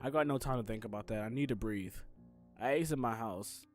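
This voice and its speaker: A man's voice: medium pitch, fairly quick, soft background music, voice pushed down, lightly acted. A man reading the inner thoughts of a sad, anxious teenage schoolgirl from a game, in the first person, in his own everyday voice. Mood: distraught. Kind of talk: game text read aloud.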